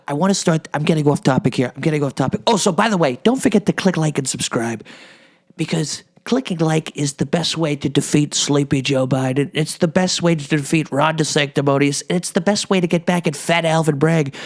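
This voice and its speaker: A comedian impersonating a brash, boastful older male politician in a rambling comedic monologue. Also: on the high side.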